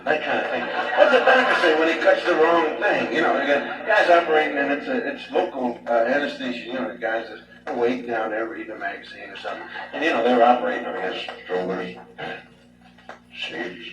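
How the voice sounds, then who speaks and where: Rambling stand-up comic, echoey and distant. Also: male voice, mid-range voice. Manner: rambling, animated, leans on 'you know'. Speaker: stand-up comedian. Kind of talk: stand-up storytelling. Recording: echoey distant live recording with music.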